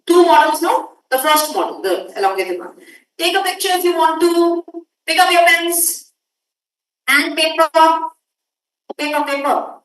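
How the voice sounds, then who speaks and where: A high-pitched woman leads a workshop in a brisk, directive way and keeps pressing her students to move quickly. Her voice is picked up from a distance and rings through a very echoey room. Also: lively intonation, a bit bright, a little hiss or hum. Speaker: workshop instructor. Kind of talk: classroom lecture. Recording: echoey room audio from far off.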